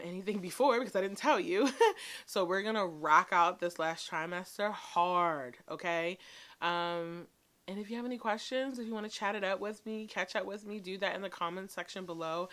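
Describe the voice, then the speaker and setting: Chatty woman vlogger, slightly low voice. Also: a bit bright. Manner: chatty and emotional, many ums and likes. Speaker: beauty vlogger. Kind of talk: casual chat to camera.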